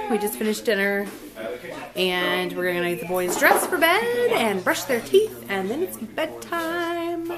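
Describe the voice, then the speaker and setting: Chatty mom vlogging at home. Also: female voice, fairly high pitch, sing-song, unhurried. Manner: chatty, talks to camera and babies. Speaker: family vlogger, mother. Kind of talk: casual vlog chat. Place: family home, indoors. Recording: home video with household noise.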